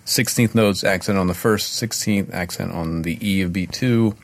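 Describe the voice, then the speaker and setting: A man's voice: low voice, normal speed. A middle-aged man co-hosting a podcast, laughing easily and explaining drum patterns step by step. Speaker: podcast co-host. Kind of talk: casual chat.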